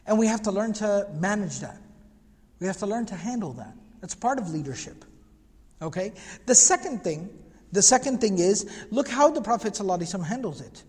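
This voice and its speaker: A man with a fairly high voice teaches a religious lecture class, pressing his points home by repeating phrases and firing off rhetorical questions. He slips Arabic phrases into his speech, and a long reverb trails each line as if he were in a large hall. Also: expressive, brisk, darkish tone, breathy edge. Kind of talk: lecture class on prophetic biography.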